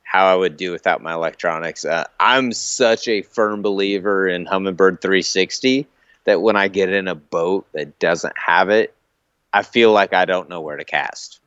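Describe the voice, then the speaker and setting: Low-voiced guy chatting fishing, kinda muffled audio, music quiet behind. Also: normal speed, clean tone, dry recording. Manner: jokey, slips into mock accents, then earnest advice. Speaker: guest angler. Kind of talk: casual interview chat.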